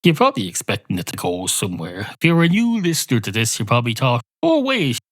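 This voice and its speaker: A man hosting a rambling solo comedy podcast, deadpan and absurd, swearing at imagined listeners. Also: medium pitch, quick pace, dry recording. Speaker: podcast host.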